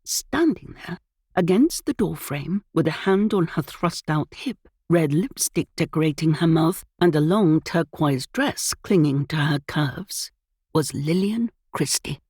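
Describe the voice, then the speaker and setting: A woman narrating a cozy mystery audiobook with lively, expressive storytelling. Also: deep voice, unhurried, slightly rough, no room sound, clean studio sound.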